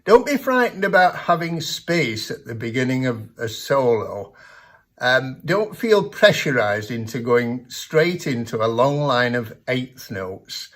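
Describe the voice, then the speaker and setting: A man giving a piano lesson, explaining technique in a measured, patient way. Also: medium pitch, very animated, fairly bright tone. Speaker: piano teacher. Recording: piano playing heard in the background.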